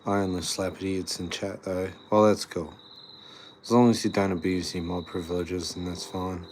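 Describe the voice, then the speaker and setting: A man's voice: low voice, level tone, normal speed, darkish tone, slight background noise. A tired young man, chatting casually on a live stream, rambling with lots of fillers as he reads and answers chat. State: tired after the gym.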